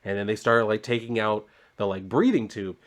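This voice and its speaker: A man's voice: fairly low pitch, normal speed. A man casually recapping a comic book issue, rambling with lots of filler words and offhand swearing.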